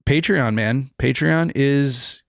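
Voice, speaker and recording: A man's voice: medium pitch, slow, vocal fry, no echo, studio quality. A man co-hosting a podcast, rambling loosely and joking through the outro. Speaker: podcast co-host.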